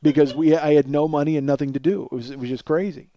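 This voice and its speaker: A man's voice: on the high side, fairly even intonation, fast talker, warm tone, dry recording. A man in his forties telling a long personal story in a casual, profane way, often laughing as he talks. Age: 40s. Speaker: podcast storyteller.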